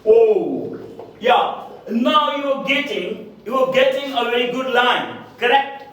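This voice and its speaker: A man with an Indian English accent teaches spoken English in a high voice at a slow, drilling pace. He repeats each phrase several times and checks in with "correct?" as he goes. His voice comes from a distance and rings around a very echoey room. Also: a bit bright.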